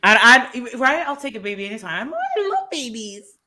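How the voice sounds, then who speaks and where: A woman on a live stream speaks with a high, bright voice. She rants bluntly and swears freely in heated casual chat. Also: huge pitch swings, normal speed. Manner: blunt, profane, ranting.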